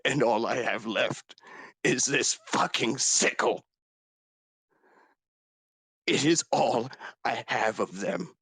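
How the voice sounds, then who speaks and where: A man voicing a grief-stricken dragonborn warrior, confessing in a raw, halting way with whispered breaks. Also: medium pitch, fairly bright tone, husky, dry recording, full character voice. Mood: grieving. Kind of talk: tabletop role-play character speech.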